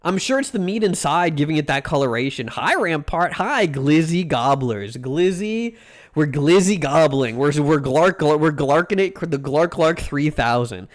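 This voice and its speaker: A male streamer chats live with his viewers in a loose, rambling way, trading crude jokes and dragging out food names. His voice sits a little higher than most men's. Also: expressive, a little slow. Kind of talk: casual live-stream chat.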